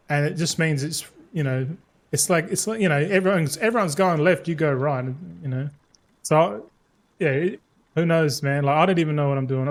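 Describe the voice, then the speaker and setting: A man streaming a game, chatting casually with viewers in a rambling, laid-back way, swearing freely and restarting his words. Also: fairly high pitch. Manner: slangy and laid-back, says mate and bro.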